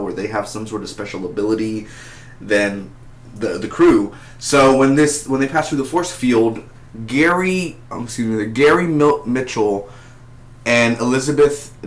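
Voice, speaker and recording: A man talks through a TV episode review in a loose, chatty way, restarting sentences and leaning on fillers. His voice sits at an ordinary pitch for a man. The room gives the recording a noticeable echo. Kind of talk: casual spoken review to camera. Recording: roomy echo.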